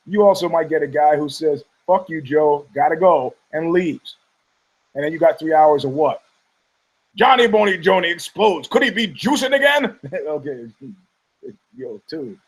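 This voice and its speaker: On a low-quality recording, a male podcast host whose voice runs high, a bit mellow and breathy rambles profanely through fight news. He laughs often and imitates people in mocking voices.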